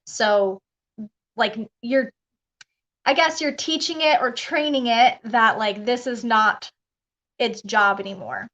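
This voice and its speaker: A woman with a fairly high voice talks casually on a live stream as a spiritual coach. She rambles, circles back on her thoughts and laughs easily. The audio is dull and lo-fi, like a live stream. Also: slow, pauses often, a bit bright. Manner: chatty, rambling, laughs often.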